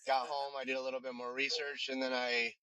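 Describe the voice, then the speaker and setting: A man's voice: medium pitch, level tone, brisk, pushed and bright, clean tone, no room sound. A man, a firefighter who runs a vending business, telling his story in a casual interview with many restarts and fillers. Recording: dull, lo-fi sound.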